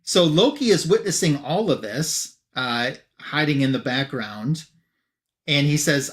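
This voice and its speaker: A man casually summarizing a comic book issue for a review show, chatty with loose fillers and quick asides. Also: on the high side, expressive, fairly bright tone.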